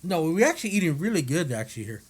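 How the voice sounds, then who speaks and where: A man's voice: fairly high pitch, very animated, racing, slightly rough. A man from Hawaii in his thirties, co-hosting a podcast in casual chat, joking, laughing and acting out quoted lines. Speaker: podcast co-host.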